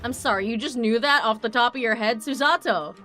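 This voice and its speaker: A woman's voice: on the high side, fairly quick, sharp tone, soft background music. A woman streaming a game, reacting with giggly, incredulous commentary.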